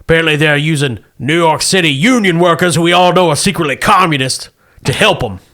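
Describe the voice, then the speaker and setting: A man voicing a gruff middle-aged Marine captain who briefs his team in clipped military orders during a tabletop game. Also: a little high, a little fast, bright, forceful tone. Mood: briefing.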